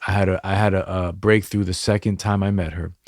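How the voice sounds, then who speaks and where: A man's voice: low-pitched, flat delivery, brisk, darkish tone, dry recording, clean studio sound. A man hosting a podcast in a casual, supportive way, sharing his own experience and encouraging his guest. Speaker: podcast host. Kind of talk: casual interview chat.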